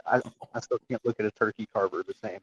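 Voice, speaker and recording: A man in a casual podcast chat, speaking quickly and joking. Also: lowish voice, slightly rough, lo-fi sound. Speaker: podcast guest.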